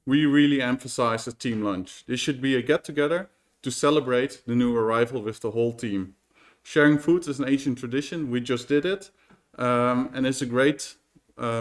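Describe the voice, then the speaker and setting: A man presenting at a tech meetup, his voice sitting at an ordinary middle pitch. He explains his points plainly, pausing and restarting often as he goes. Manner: explanatory, frequent fillers and restarts. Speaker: conference speaker. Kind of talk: conference talk.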